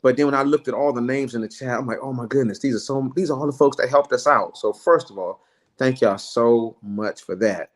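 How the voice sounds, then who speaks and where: A man's voice: mid-range voice, a little fast. Guy on a stream panel, casual and grateful, keeps coughing. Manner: animated, exclaiming, grateful. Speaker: panel guest, channel owner. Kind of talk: casual chat.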